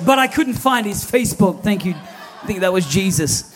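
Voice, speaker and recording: A man's voice: high voice, expressive, normal speed, a faint crowd, a little hiss or hum. A man, preaching a sermon as lead pastor, telling stories animatedly with quoted dialogue.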